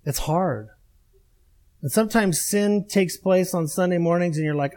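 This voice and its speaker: Middle-aged man, pastor, high-pitched voice, emphatic sermon delivery with repeated phrases. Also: moderate pace, a little mellow. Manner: emphatic, repetitive preaching cadence.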